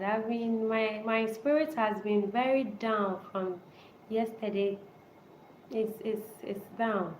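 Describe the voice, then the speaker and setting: A woman's voice: on the high side, takes it slowly. Earnest woman repeating herself, echoey room. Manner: earnest and repetitive, restating short phrases. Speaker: live stream host. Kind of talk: casual live-stream chat. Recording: echoey room with faint background noise.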